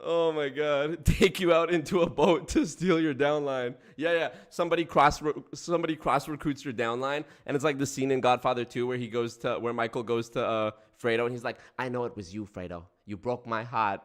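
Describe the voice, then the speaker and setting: A man's voice: mid-range voice, steady tone, fairly quick, hardly any pauses. A man hosting a casual livestream, chatting with viewers, breaking into frequent laughter and swearing casually. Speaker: streamer host.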